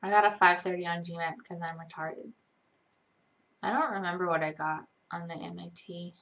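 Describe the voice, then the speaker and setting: A young woman casually answering chat questions on a live stream, hesitant, with frequent ums and pauses. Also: lowish voice, a bit bright, a little hiss or hum.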